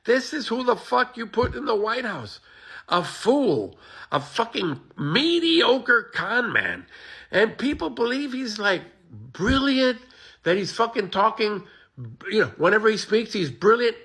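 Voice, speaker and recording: A man's voice: high-pitched, sing-song, measured pace, bright, forceful tone, slightly rough. A man ranting to his phone camera, profane and exasperated, with bitter laughter running through his talk. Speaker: social media poster.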